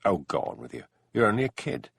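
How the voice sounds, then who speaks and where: A man's voice: lowish voice, big pitch swings, fast talker, vocal fry, a bit bright, slightly rough, no room sound, exaggerated voice. A man doing an eager young London woman.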